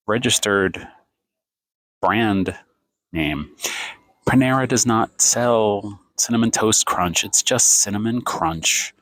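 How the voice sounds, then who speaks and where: A man's voice: fairly low pitch, a bit bright, dry recording. A man in his fifties ranting sarcastically in a vlog, filming himself on a phone in a café. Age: 50s. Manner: exasperated, sarcastic, rambling. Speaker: vlogger. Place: café, indoors.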